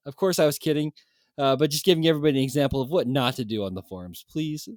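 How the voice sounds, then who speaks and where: A man's voice: mid-range voice, quick pace, no echo, clean studio sound. A man co-hosting a casual podcast, joking around and rambling with plenty of fillers. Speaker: podcast co-host.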